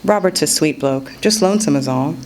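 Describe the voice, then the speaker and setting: A woman's voice: deep voice, fairly quick, creaky, darkish tone, slight background noise. A woman voicing a charming young Englishman who teases playfully, reading a novel excerpt aloud. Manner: teasing, theatrical banter.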